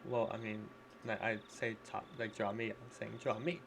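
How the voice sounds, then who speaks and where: A man's voice: on the low side, little pitch movement, moderate pace, gravelly, background noise. Casual, slangy male streamer. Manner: loose, slangy and chatty, with frequent laughs. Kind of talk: casual live-stream chat.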